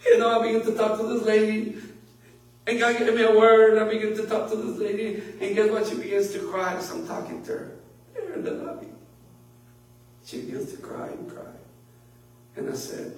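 High-voiced preaching man in echoey room. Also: level tone, brisk, a little hiss or hum. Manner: impassioned preaching with laughs and swells of volume. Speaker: pastor. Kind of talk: sermon. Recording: echoey room, mic at a distance.

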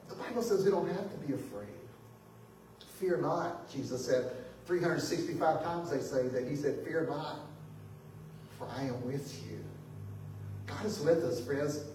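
A pastor preaching a sermon in lively style, shifting between booming exclamations and hushed asides, often chuckling. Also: male voice, a little hiss or hum. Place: church sanctuary. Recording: echoey hall, mic at a distance.

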